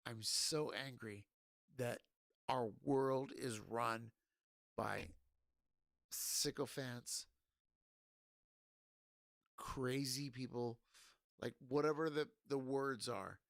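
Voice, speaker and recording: A drunk man rants on his stream, angry and profane, stopping and restarting as he goes. His voice is gravelly and his pace is slow and dragging, and the sound is dry and close. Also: mid-range voice, no room sound. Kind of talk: ranting casual stream talk.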